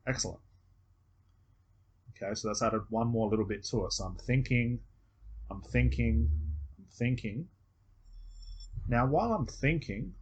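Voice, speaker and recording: An Australian man coaches a student one on one, his voice low and a little husky. He explains patiently step by step and acts out short example phrases as he goes. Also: fairly bright tone. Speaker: hypnosis coach.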